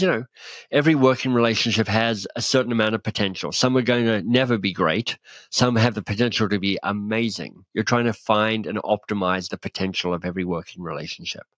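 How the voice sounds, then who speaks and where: A male guest author talks through his ideas in a relaxed podcast interview, slipping into animated stories where he plays out both sides of a conversation. His voice sits on the low side, and it is recorded dry with no room sound around it. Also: no echo. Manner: animated storyteller, acts out dialogue.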